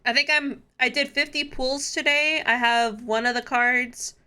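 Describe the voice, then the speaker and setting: A young woman streamer with a bright, sharp voice and an unhurried way of talking. She chats casually with her viewers, giddy and quick to laugh. Her voice sits a little high. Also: steady tone, clear, resonant tone. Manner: giddy, laughs often, talks straight to chat.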